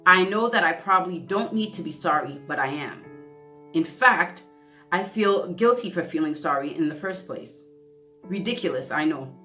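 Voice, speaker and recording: A woman with a slightly low but bright, forward voice speaks to her viewers in an earnest, emotional way, close to tears. Her reading halts and restarts now and then. Soft guitar music plays faintly underneath. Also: expressive. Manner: earnest, emotional, halting reading with self-corrections. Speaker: vlogger. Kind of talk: heartfelt vlog talk and reading a letter aloud.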